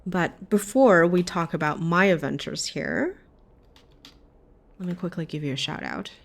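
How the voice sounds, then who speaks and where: A female game streamer reads a game aloud and chats casually with viewers, frequently correcting herself. Her voice is on the low side with a measured pace. Background music is clearly audible.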